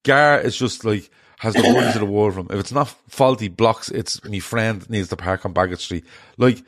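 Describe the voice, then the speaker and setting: A man co-hosting a podcast, recounting a group chat in animated, swearing casual talk. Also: on the low side, normal speed. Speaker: podcast co-host.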